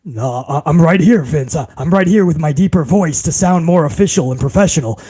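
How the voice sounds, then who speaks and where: A man doing an impression of a dim, fawning middle-aged son-in-law with a deliberately deeper, stammering voice. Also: lively intonation, dark tone, slightly rough.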